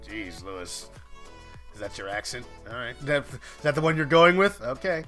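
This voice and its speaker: Bright, lively man hosting a stream. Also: mid-range voice, soft background music. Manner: animated, teasing, quick to laugh. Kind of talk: casual group chat on a live stream.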